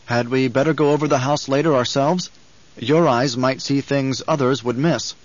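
A man reads the part of a young duke's son who stays calm and watchful under threat. He talks in a level, matter-of-fact way, at an ordinary pitch. The audiobook recording is dull and a bit lo-fi. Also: normal speed, no room sound, lightly acted. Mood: measured.

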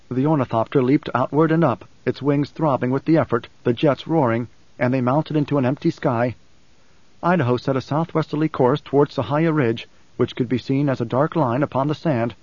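A man reading a novel aloud in steady, even audiobook narration on a close mic. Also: medium pitch, dry recording. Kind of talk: scripted narration. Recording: slightly dull dry studio recording.

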